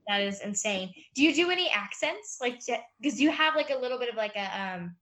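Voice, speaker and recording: Chatty American woman with bright tone. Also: fairly high pitch, animated, a little fast. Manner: chatty, hesitant with many fillers. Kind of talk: casual interview chat.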